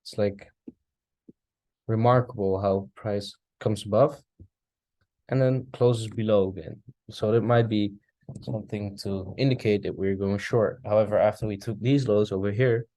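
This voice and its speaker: A man's voice: on the low side, steady tone, unhurried, warm tone, no echo. A man casually talking through a trading chart recap, thinking aloud and yawning now and then, recorded at a desk mic. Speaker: forex trader reviewing charts. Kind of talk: casual screen-share market recap.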